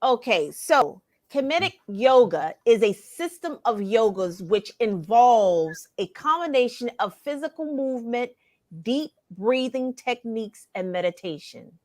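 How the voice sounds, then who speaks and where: A woman with a Southern US accent explaining a topic in a halting way, with many fillers and restarts. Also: on the high side, sing-song, darkish tone. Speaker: guest presenter. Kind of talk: casual explanatory talk.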